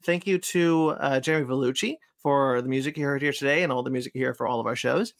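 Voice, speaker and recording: A man in the host's chair who talks in loose, looping sentences and keeps starting over. His voice sits at an ordinary middle pitch, and the sound is dry and close with no room echo. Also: fast, gravelly. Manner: rambling, with many fillers and restarts. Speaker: podcast host. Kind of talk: casual podcast chat and sign-off.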